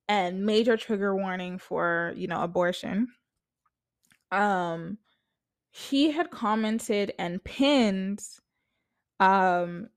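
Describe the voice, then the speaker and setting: A young woman chats through celebrity gossip from her apartment. She is blunt and freely profane, and her speech is full of fillers. Her pitch sits in a middle range. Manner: chatty, blunt, profane, lots of filler words. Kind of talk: casual gossip commentary.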